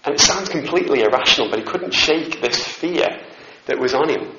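A man's voice: mid-range voice, lively intonation, brisk, sharp tone, a little hiss or hum. Chatty man preaching in a roomy hall. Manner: conversational, self-deprecating with asides and laughs. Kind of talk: sermon. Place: church hall with audience. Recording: roomy, slightly dull hall recording.

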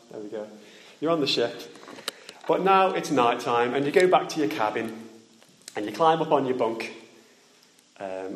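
A man preaching a sermon in a church, his voice ringing in the room. He talks plainly, at an everyday middle pitch, and often turns to his listeners with direct questions. On the weightiest points he sinks soft and low. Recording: echoey room.

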